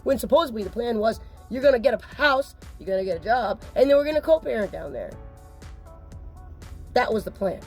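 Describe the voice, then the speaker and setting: A woman's voice: on the high side, animated, brisk, darkish tone, slightly rough, soft background music. A woman talking to camera as a mother speaking out, upset, insistent and blunt, with occasional swearing. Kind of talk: emotional personal vlog.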